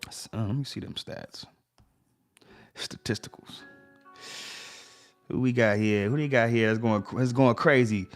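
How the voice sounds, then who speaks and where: A man's voice: mid-range voice, a little slow, long pauses, faint music behind. A man hosting a sports livestream, reading game scores in a casual rundown and reacting to each result with slang asides.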